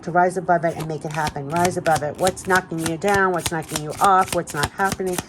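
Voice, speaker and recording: A woman's voice: lowish voice, fairly even intonation, brisk, noisy background. A woman doing an emotional spiritual card reading, talking in a gushing, emphatic way and repeating phrases, her voice giving out. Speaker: tarot card reader.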